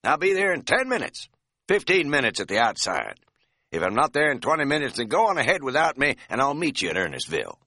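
A man's voice: medium pitch, huge pitch swings, fast talker, pushed and bright, no room sound, clean studio sound, voice pushed up, full character voice. A man voicing a feisty older cab driver who barks and jokes in a folksy way. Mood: feisty amused. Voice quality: barking, folksy. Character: feisty older male backwoods cab driver, gruff and joking.

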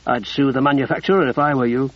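A man voicing a composed woman army officer in an audiobook, speaking low and dry. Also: steady tone, fast talker, lo-fi sound, lightly acted. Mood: dry, calm.

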